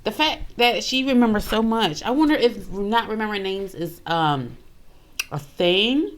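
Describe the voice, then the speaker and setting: A woman hosting a casual reaction video, chatty and quick to exclaim. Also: mid-range voice, animated. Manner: chatty, exclaims and laughs often.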